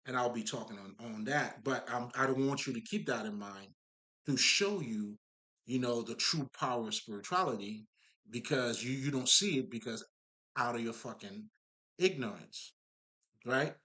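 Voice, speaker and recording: A man's voice: mid-range voice, normal speed, pushed and bright. A man giving a casual spiritual monologue, emphatic and profane, rambling with many fillers and asides to his listeners. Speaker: spiritual talker.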